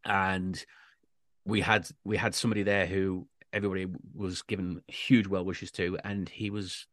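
Low british guy rambling on a podcast, lots of ums, dry close sound. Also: flat delivery, normal speed, fairly bright tone, dry recording. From Britain. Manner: rambling, lots of fillers and restarts. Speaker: podcast co-host. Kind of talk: casual chat.

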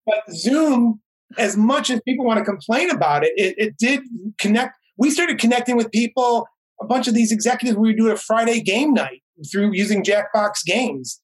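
A man's voice: very high voice, expressive, moderate pace, slightly rough, rough recording. A man, a guest who produces animation, chatting casually and telling stories on a video call, often restarting his sentences. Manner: rambling, restarts, enthusiastic storytelling.

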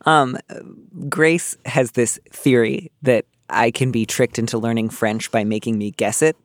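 A man's voice: mid-range voice, steady tone, unhurried, dry recording. A man hosting an advice podcast in a studio, chatting playfully and self-deprecatingly with plenty of ums. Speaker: podcast host. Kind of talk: casual chat.

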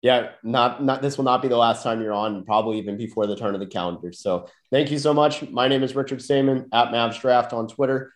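A man's voice: mid-range voice, a little fast, few pauses. A podcast host getting over a cold, with a nasal voice, chatting casually about basketball draft prospects and often repeating words as he starts his thoughts. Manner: hesitant, repeats words when starting sentences. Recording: echoey room.

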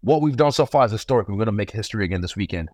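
A man with a low voice, recorded dry and close, chatting as a guest in a casual interview. He talks in a laid-back, swaggering way. He now and then acts out other people's lines. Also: expressive, rapid-fire, a little mellow, no echo. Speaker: guest fighter.

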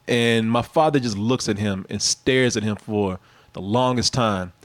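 A man's voice: lowish voice, unhurried. A middle-aged man casually telling a profane family story, laughing as he talks. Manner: animated, profane, laughs through his story. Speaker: storyteller guest.

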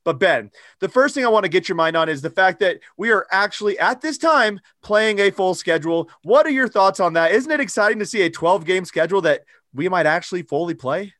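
A man's voice: high-pitched, lively intonation, brisk, hardly any pauses, fairly bright tone, dry recording, clean studio sound. A man hosting a sports podcast in casual chat, brash and opinionated about his picks. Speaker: podcast host.

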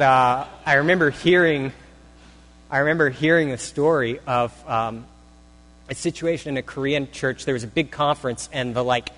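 A man's voice: medium pitch, fairly bright tone, low-quality recording. A man preaching a conversational sermon as a pastor, with dry self-deprecating humor. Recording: faint mains hum.

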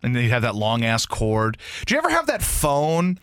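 Animated man ranting on sports radio. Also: moderate pace, clean tone, no echo, clean studio sound. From grew up in Baton Rouge, Louisiana. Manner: animated, ranting, mocks fans in high squeaky put-on voices. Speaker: radio fill-in host. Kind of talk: sports talk radio rant. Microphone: studio microphone.

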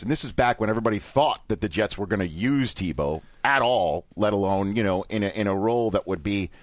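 A man hosting a podcast, telling stories in an animated, self-mocking way. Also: fairly low pitch, no room sound. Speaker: podcast host. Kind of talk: casual chat, telling anecdotes.

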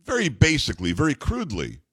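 A man's voice: on the high side, huge pitch swings, fast talker, a bit bright, slightly rough, no room sound, clean studio sound. A man hosting a talk radio show, ranting indignantly and repeating the call-in number.

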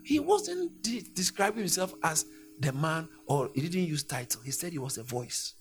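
A man delivers a sermon in a high, animated voice that rises and falls widely. He hammers points home through repetition, dropping to a hush and then climbing to a shout. Faint music plays under him. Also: moderate pace. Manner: emphatic, repetitive, swings from hushed to shouting. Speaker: preacher.

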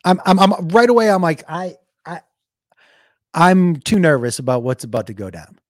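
A young adult man, a comedian, telling a comic story with lively bursts into shouted voices. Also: a little high, moderate pace, dry recording, studio quality. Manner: animated, jumps into shouted impressions.

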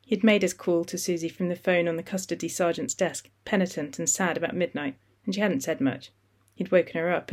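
A narrator reading a novel aloud in a measured, steady storytelling manner. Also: mid-range voice. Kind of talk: audiobook narration.

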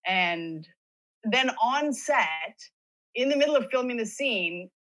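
A woman, an actress guest on a podcast, chatting casually and telling lively stories. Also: fairly high pitch, slow pace, poor audio. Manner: chatty storyteller, lively retelling. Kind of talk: casual interview chat.

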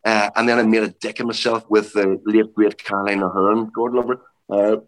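A man's voice: fairly low pitch, flat delivery, fairly quick. Northern Irish man telling stories. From Northern Ireland. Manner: anecdotal, laughs often while telling stories. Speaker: comedian guest. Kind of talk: casual podcast chat.

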